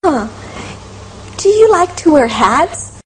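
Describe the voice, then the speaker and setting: Lively, slow-talking woman asking questions. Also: high-pitched, slight background noise, rough recording. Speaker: dialogue reader in an English lesson. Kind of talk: scripted lesson dialogue.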